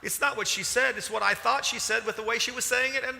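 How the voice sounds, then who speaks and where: Bright-voiced man preaching in a hall. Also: very high-pitched, fast, gravelly. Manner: animated, emphatic preaching with sudden loud bursts. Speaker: pastor. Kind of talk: sermon. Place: church hall. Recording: large hall reverb.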